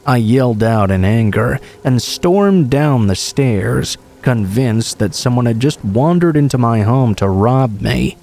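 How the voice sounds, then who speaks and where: A man reading true horror stories aloud as scripted narration, in a steady, measured way. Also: medium pitch.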